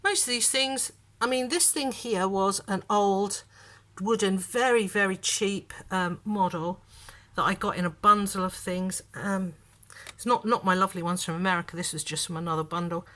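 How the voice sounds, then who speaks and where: A woman's voice: mid-range voice, a bit bright. A middle-aged woman from the south of England, chatting casually in a vlog at home and rambling with plenty of fillers and restarts. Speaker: vlogger.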